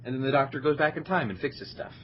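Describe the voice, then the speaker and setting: A man's voice: medium pitch, fast, lo-fi sound, slight background noise. A man co-hosting a casual gaming podcast, sarcastic and teasing. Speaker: podcast co-host.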